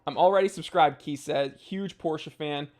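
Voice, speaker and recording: A young man hosting a casual livestream, reading viewer comments aloud in a goofy, jokey way with sudden loud outbursts. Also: on the high side, normal speed. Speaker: watch channel host.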